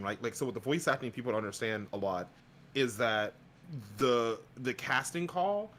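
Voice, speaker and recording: A man's voice: mid-range voice, sharp tone. Blunt talkative guy on a podcast mic, casual chat, bit of faint noise behind. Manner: blunt, talkative, swears freely. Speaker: podcast guest, voice actor.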